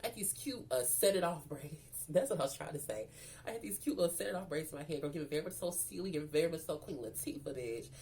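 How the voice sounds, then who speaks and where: A woman's voice: low-pitched, animated, fast, dark tone. A woman from Memphis telling a personal story in a sassy, profane, chatty way, calling her viewers girl and baby. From Memphis, Tennessee. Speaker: storyteller vlogger. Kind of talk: casual storytime.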